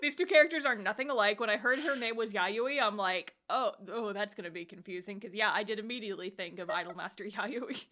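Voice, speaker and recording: A young woman co-hosting a podcast, casually recapping an anime episode with animated storytelling, acting out characters' lines, laughing and swearing. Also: mid-range voice, fast talker, few pauses. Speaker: podcast co-host reviewing anime.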